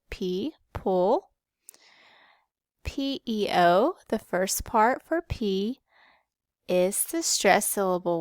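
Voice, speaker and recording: Slow, patient woman teaching spelling. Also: mid-range voice, dry recording, clean studio sound. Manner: spells out letters slowly and patiently. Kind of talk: slow, careful spelling lesson.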